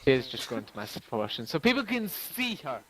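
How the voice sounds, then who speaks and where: A man narrating a tabletop game as game master at an ordinary middle pitch. His delivery is loose and casual, with joking, profane asides. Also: big pitch swings, fairly quick, a bit bright, low-quality recording.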